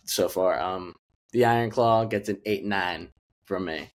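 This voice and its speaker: This young co-host of a podcast has a deep voice and an unhurried delivery. His casual movie review chat drifts along with frequent fillers and restarts.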